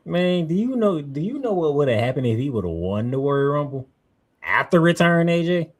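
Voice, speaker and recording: A man's voice: fairly high pitch, big pitch swings, a little fast. Easygoing man asking questions. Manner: easygoing, laughs often, asks questions. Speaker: podcast co-host. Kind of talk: casual wrestling chat.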